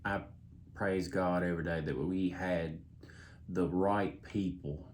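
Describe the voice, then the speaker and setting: A man speaks slowly in a casual sit-down, pausing between phrases. His voice is very deep, and the tone is thankful. Faint noise sits behind him. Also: steady tone, a little mellow. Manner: slow, halting, thankful. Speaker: husband, the patient.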